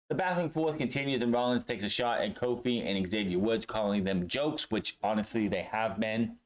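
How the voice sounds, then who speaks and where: A man giving a casual spoken recap of a show from his room, blunt and sarcastic, swearing freely as he goes. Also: on the low side. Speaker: wrestling show reviewer. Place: home room.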